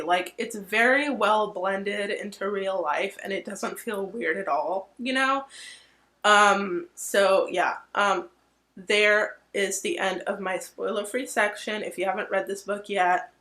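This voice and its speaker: A woman's voice: medium pitch, sharp tone. A woman hosting her own channel, chatting casually and emotionally about a book, full of fillers and gushing asides. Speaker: book reviewer, channel host. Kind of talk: casual vlog chat.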